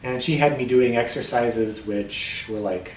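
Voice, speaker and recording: A man telling his own story, his voice tight and strained, catching in his throat, with halting restarts and throat clearing. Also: mid-range voice, echoey room, distant mic, a little hiss or hum, rough recording. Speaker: vlogger sharing his voice disorder. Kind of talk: personal vlog storytelling.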